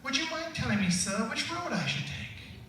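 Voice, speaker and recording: A man's voice: big pitch swings, moderate pace, sharp tone, slight background noise, exaggerated voice. A man voicing Alice, a polite young girl with a British accent. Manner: polite, questioning, higher put-on voice. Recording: echoey hall, distant mic.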